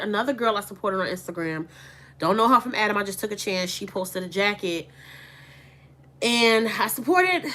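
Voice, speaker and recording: A woman who owns an online boutique and vlogs chats casually and candidly to her viewers on camera. Her voice sits in the mid range with a sharp tone.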